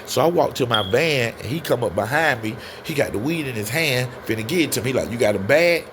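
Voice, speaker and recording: A man telling a personal story in a casual, animated way, often turning to his listeners. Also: mid-range voice, fairly quick, noisy background. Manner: animated, addresses listeners as y'all. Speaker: storyteller guest.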